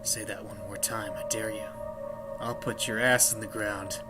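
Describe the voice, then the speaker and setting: A man's voice: medium pitch, quick pace, loud music behind the voice, lightly acted. A man doing a snarling young gang leader. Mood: menacing. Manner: snarling, threatening. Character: hot-tempered young male gang leader, violent.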